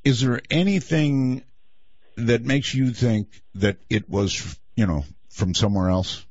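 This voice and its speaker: A man hosting a late-night call-in radio show, animated and teasing with callers. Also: mid-range voice, a little slow, husky, no echo. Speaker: radio host. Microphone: studio microphone. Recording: slightly dull dry studio sound.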